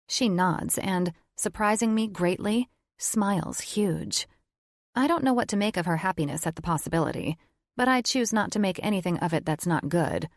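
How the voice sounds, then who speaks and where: A woman's voice: on the low side, expressive, normal speed, no echo, studio quality. A woman narrating a first-person romance audiobook in a wry, conversational tone. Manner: wry, conversational inner monologue.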